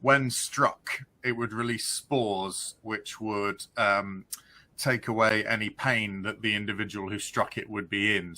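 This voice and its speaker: Bright-toned man riffing deadpan. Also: lowish voice. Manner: rambling, deadpan absurd riffing. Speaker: comedy panelist. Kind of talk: casual comedic chat. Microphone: video call.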